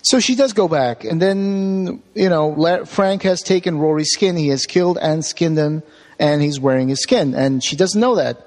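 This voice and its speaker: A man co-hosting a podcast, retelling a story in casual chat, acting out lines in quick voices with lots of fillers. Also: fairly high pitch, animated, darkish tone, long reverb tail. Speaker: podcast co-host.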